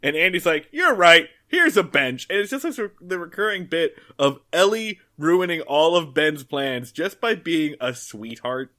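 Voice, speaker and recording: A man co-hosting a podcast, casually recapping a TV episode, animated and quick to laugh and act out lines. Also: on the high side. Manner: animated, laughs often, acts out characters' lines. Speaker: podcast co-host.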